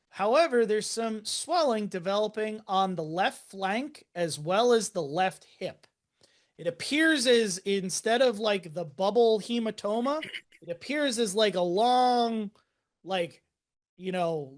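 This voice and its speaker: A podcast host talks through a case in a relaxed, chatty way, pausing on lots of "like" and "you know". The voice sits at a middle pitch. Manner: casual, many fillers, teasing. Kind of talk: casual case walkthrough.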